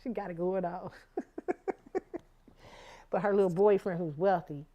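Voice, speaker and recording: A woman's voice: lowish voice, fairly even intonation, measured pace, mellow. A woman hosting a talk show, giving frank, casual commentary with profanity and frequent laughter.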